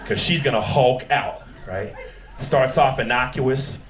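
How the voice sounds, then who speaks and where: Speaking a little slowly, a man from Texas with a medium-pitched, fairly bright voice performs stand-up at a comedy club, working the room and voicing characters in put-on accents. His handheld stage mic is far away, so the sound is roomy, and the audience laughs throughout.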